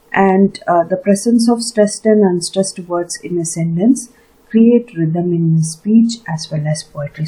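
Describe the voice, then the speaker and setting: A woman teacher gives a recorded lecture, walking through each idea step by step with fillers and repetition. Her voice is very dark and mellow, a little low, with a husky edge. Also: poor audio. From India. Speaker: literature teacher.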